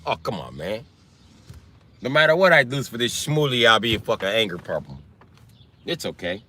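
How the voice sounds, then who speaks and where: A man's voice: fairly low pitch, sing-song, moderate pace, pauses often, bright, forceful tone, dry recording. A man, a comedian, rambling through a profane stand-up style rant on his live stream.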